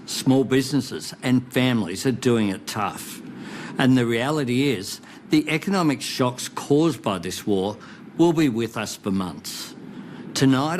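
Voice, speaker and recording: A man's voice: mid-range voice, a little hiss or hum. Earnest Australian man giving a national address. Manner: measured, reassuring and earnest. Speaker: national leader. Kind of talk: formal televised address.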